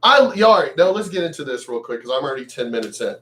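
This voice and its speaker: A man ranting bluntly on his vlog, cursing freely and swinging between loud outbursts and quieter asides. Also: a little high, very animated, quick pace. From United States. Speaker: vlogger.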